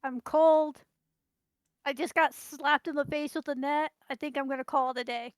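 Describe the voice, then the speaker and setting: A woman's voice: high voice, steady tone, moderate pace, no echo. A woman playing a tabletop game in character, casual and playful. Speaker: player. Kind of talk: casual role-play in character.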